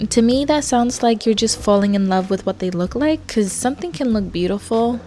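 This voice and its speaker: A woman's voice: a little high, expressive, moderate pace, warm tone, faint music behind. Chatty young woman with a mixed accent. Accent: mixed, shifting accent. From New Zealand. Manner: chatty, candid, laughs often. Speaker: vlogger and makeup artist. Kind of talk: casual chit-chat Q&A. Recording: faint background noise.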